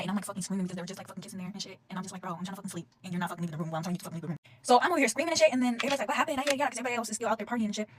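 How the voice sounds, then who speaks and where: Young woman, rapid-fire casual storyteller, swears a lot and vents. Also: mid-range voice. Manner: rapid, profane, exasperated storytelling.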